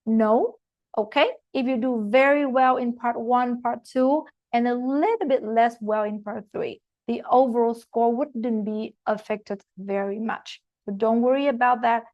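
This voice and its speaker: Woman with a non-native accent running an online class, keeps asking okay?, kinda high voice. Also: measured pace, no room sound, dull audio. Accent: non-native English. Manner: explanatory, frequent "okay?" check-ins and fillers. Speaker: IELTS teacher. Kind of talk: online masterclass lecture.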